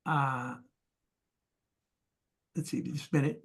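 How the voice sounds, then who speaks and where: A man's voice: mid-range voice, fairly even intonation, slow pace, a little mellow. A man in an online class, reading aloud hesitantly and sounding out syllables one at a time. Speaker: student. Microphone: video call.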